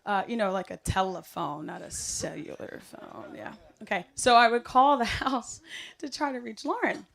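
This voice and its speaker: A woman's voice: fairly high pitch, normal speed, creaky, a bit bright. Chatty laughing woman. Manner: chatty, laughing often, rambling with fillers. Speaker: wedding guest giving a toast. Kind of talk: casual wedding speech.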